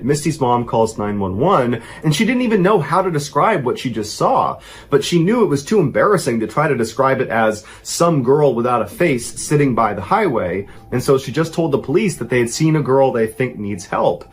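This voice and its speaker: A man in his thirties narrating a true horror story for a podcast. He builds tension, and his pitch climbs at the frightening moments. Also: husky.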